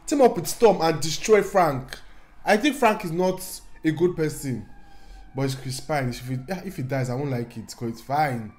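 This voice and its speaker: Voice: mid-range voice, moderate pace, darkish tone, a little hiss or hum. A movie reactor chatting casually and exclaiming through a film.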